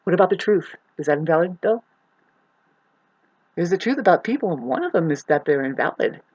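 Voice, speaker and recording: A woman talks to her camera from home, rambling through a spiritual monologue. Her voice is lively and swings widely in pitch. She swears freely and breaks into emphatic outbursts. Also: brisk, breathy edge, muffled recording. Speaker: spiritual astrology vlogger.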